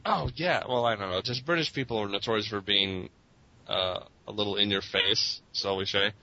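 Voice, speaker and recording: Rambling, swearing man with a bright voice. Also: normal speed. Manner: rambling, profane, self-mocking, laughs often. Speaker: podcast interviewee. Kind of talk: casual chat. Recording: muffled lo-fi recording with faint rumble.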